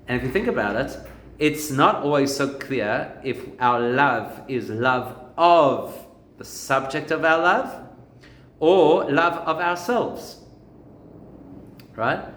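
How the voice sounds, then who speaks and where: A man's voice: medium pitch, fairly bright tone, roomy sound. A man, a rabbi, giving a conversational Torah lesson and telling humorous anecdotes.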